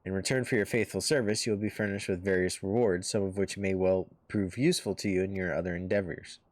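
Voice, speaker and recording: A man voicing a composed woman who leads a heroes' order, reading game dialogue aloud in a formal, measured way. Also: deep voice, fairly even intonation, no room sound, natural voice. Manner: formal, measured storybook delivery.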